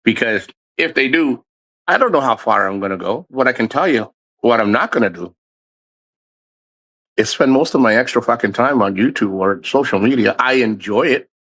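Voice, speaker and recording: A man's voice: medium pitch, expressive, normal speed, fairly bright tone, poor audio. A middle-aged man hosting a livestream, talking candidly and at length in a rambling way, swearing often. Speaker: livestream host. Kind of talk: casual livestream monologue.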